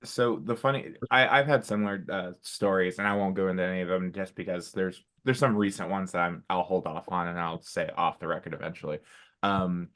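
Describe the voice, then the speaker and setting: A man co-hosting a casual podcast, chatting in a jokey, relaxed way. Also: low-pitched, fairly quick. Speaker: podcast co-host.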